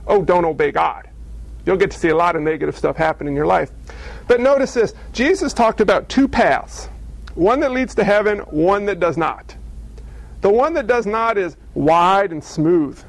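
A man's voice: high-pitched, creaky, no room sound. A man preaching a sermon in a conversational, self-deprecating way, with playful asides to his congregation. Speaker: pastor.

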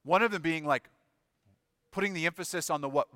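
A pastor delivers a sermon in a bright, forceful voice that sits a little high for a man. He acts out biblical figures with dramatic swings in intensity. The sound is close and dry. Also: fairly quick, no echo.

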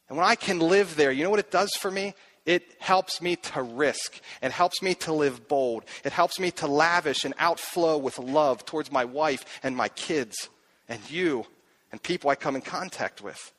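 A man's voice: on the high side, moderate pace, a bit bright. Earnest middle-aged male pastor preaching. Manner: earnest, asks himself questions aloud, repeats phrases. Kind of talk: sermon.

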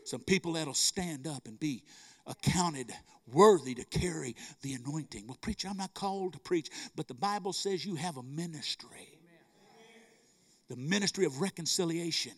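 A middle-aged man preaching a sermon, telling stories with fervor and calling out to the congregation. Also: a little high. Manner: fervent storytelling, calls to the congregation.

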